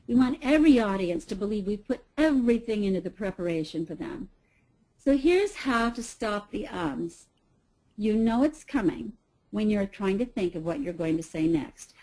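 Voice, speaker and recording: Woman, middle-aged, speaking coach, lively webinar talk, mellow voice, fairly high. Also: low-quality recording. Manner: lively, animated delivery that varies volume and pace. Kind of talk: webinar presentation.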